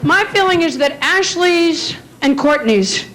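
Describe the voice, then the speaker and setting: A woman's voice: very high voice, animated, slow pace. A woman doing stand-up and emceeing on a club stage, chatting directly with the audience. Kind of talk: stand-up comedy set. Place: comedy club stage before a laughing audience. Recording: live club recording with crowd noise.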